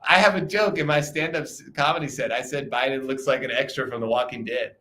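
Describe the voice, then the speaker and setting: Young male streamer, casual rambling live chat, swears freely, mid-pitched. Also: brisk, pushed and bright. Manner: loose, profane, rambling with frequent restarts.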